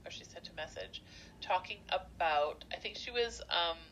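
Lower-voiced laughing woman co-host. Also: expressive, fairly bright tone, slight background noise, poor audio. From Canada. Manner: laughs often, quick reactions and teasing questions. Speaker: podcast co-host. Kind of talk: casual chat.

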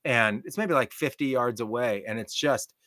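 Excitable man telling a wild story. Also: medium pitch, normal speed, no room sound, clean studio sound. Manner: excitable, repeats "like" often. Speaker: podcast guest, shaman. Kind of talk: animated personal storytelling.

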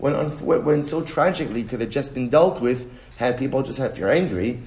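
A man teaching a text study lesson in an animated way, full of rhetorical questions. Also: mid-range voice, fairly quick. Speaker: Talmud teacher. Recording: roomy echo.

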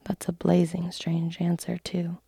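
Woman whispering a hoarse messenger rider. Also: lowish voice, monotone, unhurried, mellow, no room sound, studio quality, exaggerated voice. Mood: blunt. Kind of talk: whispered role-play.

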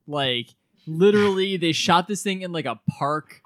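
A man's voice: a little high, expressive, normal speed, no echo, clean studio sound. A man co-hosting a casual podcast, giving wry, matter-of-fact commentary. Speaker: podcast co-host. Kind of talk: casual chat.

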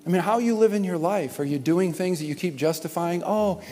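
A man preaching a sermon as pastor, impassioned, swinging from shouts down to quiet, probing questions. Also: high voice, quick pace. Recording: music and long hall reverb.

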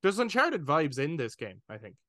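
Bright-voiced man, casual podcast chat. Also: a little high, huge pitch swings, normal speed, no echo, studio quality. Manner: acts out his own thoughts, swears, laughs. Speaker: podcast co-host.

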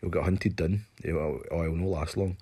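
A man's voice: sits low, steady tone, brisk, dark tone, breathy edge. A Scottish man ranting in a casual monologue, sweary and sarcastic, mocking people with put-on voices.

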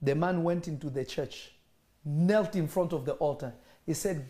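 A man preaching a sermon, telling a story and acting out the voices in an animated way. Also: on the high side, moderate pace.

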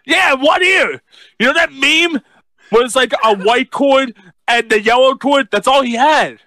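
A man chatting as a podcast co-host, rambling and self-mocking in a casual, animated way. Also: very high voice, a little slow, dry recording. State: deaf in left ear. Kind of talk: casual chat.

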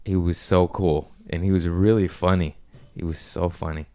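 Smooth low-voiced man telling stories. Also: moderate pace. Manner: loose storytelling, swearing, lively impressions in quotes. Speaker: comedian podcast host. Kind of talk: casual chat.

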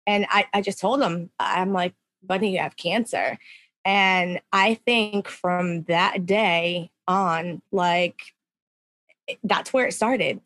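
Emotional mother, halting speech. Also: fairly low pitch, steady tone, fairly bright tone, no echo. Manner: emotional, halting, many fillers and restarts. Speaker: parent of a young patient. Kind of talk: casual interview conversation.

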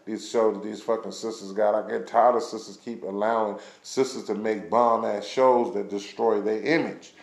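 A man's voice: lowish voice, steady tone, normal speed, vocal fry, few pauses, darkish tone, echoey room. A man delivering a blunt, passionate rant full of profanity, as in a recorded vlog. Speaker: vlogger ranting on camera.

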